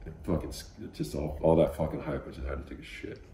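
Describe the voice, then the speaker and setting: Casting note: deep-voiced male guest, casual and profane, lots of "like", echoey room. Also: little pitch movement, quick pace, dark tone. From Los Angeles. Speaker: graffiti artist guest. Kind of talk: casual storytelling interview.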